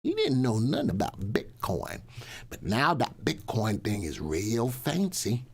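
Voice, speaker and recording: A man's voice: mid-range voice, huge pitch swings, a little slow, gravelly, breathy edge, full character voice. A man putting on a Southern US accent to voice a folksy old Southern man musing about money, drawling in ungrammatical country talk. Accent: Southern US, put on.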